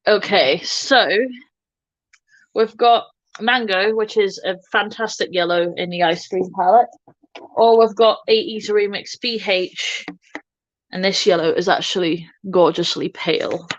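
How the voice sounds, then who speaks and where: A woman's voice: medium pitch, steady tone, measured pace, no room sound. Woman, makeup livestream host, casual chatty tutorial talk, self-mocking, dull lo-fi sound, dry. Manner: chatty, self-mocking, talks to viewers while working.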